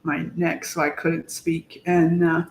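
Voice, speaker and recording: A woman co-hosting a podcast, talking in a casual, heartfelt way, reflective and halting as she searches for words. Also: low-pitched, level tone, slight background noise. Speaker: podcast co-host. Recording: echoey room.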